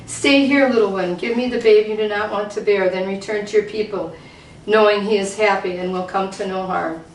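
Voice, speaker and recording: A woman voicing an ancient, queenly fairy woman who speaks gravely, recorded from a distance in a roomy hall. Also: medium pitch, normal speed, slight background noise, lightly acted. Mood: solemn. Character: ancient regal fairy woman, calm and solemn.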